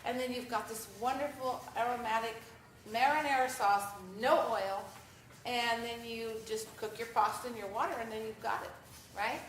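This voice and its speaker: A woman giving a lively live talk and answering audience questions, speaking conversationally to the crowd. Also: on the high side, moderate pace. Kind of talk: live presentation with Q&A. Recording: echoey room, mic far off, faint noise.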